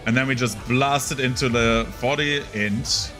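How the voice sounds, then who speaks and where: A man's voice: medium pitch, unhurried, faint music behind. A young man casually commenting on his gameplay, rambling and chatty with lots of fillers. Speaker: gaming streamer.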